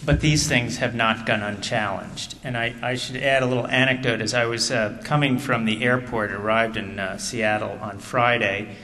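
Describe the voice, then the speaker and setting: A man of middle pitch gives a forceful public talk as an author. The mic sits some way off, so his voice carries the long echo of a hall. Faint room noise stays underneath. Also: fairly even intonation, moderate pace, far from the mic. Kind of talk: lecture-style public talk.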